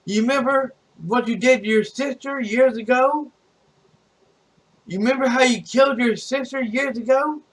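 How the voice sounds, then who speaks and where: A man acting out a defiant middle-aged woman who taunts a killer with shouted challenges. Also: very high-pitched, moderate pace, distant mic, voice pushed up, rough recording. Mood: taunting.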